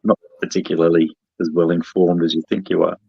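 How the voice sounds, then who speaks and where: A man's voice: low-pitched, level tone, fairly quick, gravelly, husky, highs cut off. A man in a heated online voice chat, confrontational and sneering, swearing constantly. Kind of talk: angry live-stream argument.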